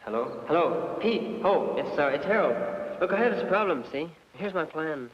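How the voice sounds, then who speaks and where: A man's voice: on the high side, lively intonation, moderate pace, slightly rough. A man voicing a frustrated, grumbling everyman in a vintage cartoon, muttering under his breath. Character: grumbling middle-aged everyman, easily frustrated. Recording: dull old film soundtrack.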